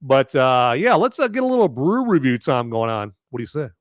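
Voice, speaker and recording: A man's voice: mid-range voice, sing-song, fairly quick, music in the background. A man from the United States hosting a live movie review podcast, rambling in casual chat with lots of fillers and restarts. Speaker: podcast host.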